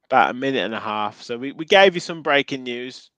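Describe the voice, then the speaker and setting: A man's voice: medium pitch, lively intonation, a little fast, sharp tone, no echo, low-quality recording. A man with a Midlands accent hosting a casual football podcast, chatting and reading out viewer comments with plenty of ums. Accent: English Midlands. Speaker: podcast host.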